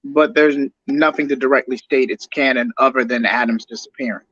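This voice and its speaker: A man's voice: medium pitch, steady tone, brisk, fairly bright tone, slightly rough, no room sound, dull audio. A man co-hosting a podcast, casually discussing a comic-book film in an analytical way and arguing fine points. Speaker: podcast co-host.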